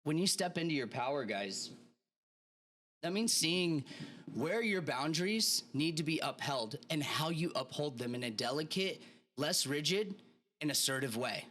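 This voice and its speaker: A man's voice: a little high, expressive, unhurried, sharp tone. A man hosting a motivational podcast, telling stories casually and animatedly with plenty of slang. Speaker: podcast host. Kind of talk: motivational monologue.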